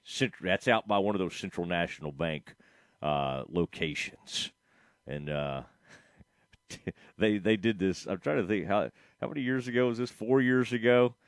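A man's voice: lowish voice, no echo, studio quality. A middle-aged man hosting a radio show, rambling casually, laughing often and talking to his producer. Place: radio studio.

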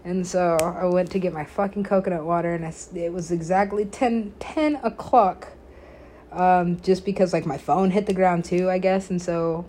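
A woman with a slightly low voice talks through a story on her own podcast. She rambles, leans hard on filler words, swears freely and laughs often as she goes. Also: fairly even intonation, moderate pace, warm tone, slight background noise. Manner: laughs often while telling. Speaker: podcast host. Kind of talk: casual storytelling monologue.

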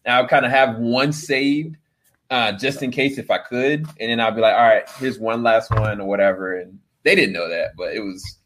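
A man's voice: medium pitch, normal speed, fairly bright tone. A man in his thirties, a guest in a casual chat, who talks in an easygoing way and laughs as he speaks. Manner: easygoing, laughs while talking.

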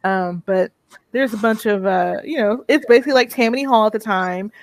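A woman co-hosting a casual movie review chat, retelling the plot in an animated way and laughing often. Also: mid-range voice, no room sound. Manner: animated storytelling with frequent laughter. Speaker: co-host of a movie review show.

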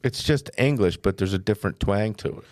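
A man's voice: lowish voice, fairly quick, a little mellow, no room sound, clean studio sound. A man co-hosting a podcast, teasing his friends with crude, heavy swearing. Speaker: podcast co-host. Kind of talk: casual banter among friends.

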